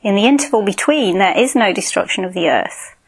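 A woman reading the lines of a wise male lion in a fable, slow and measured, gentle but firm. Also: mid-range voice, lively intonation, husky. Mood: calm.

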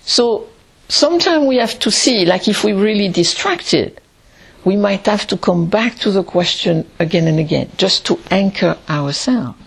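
A woman teaching Zen meditation in a calm, reflective way, pausing often between phrases. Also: mid-range voice, gravelly, slightly rough. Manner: slow, calm and reflective, with long pauses.

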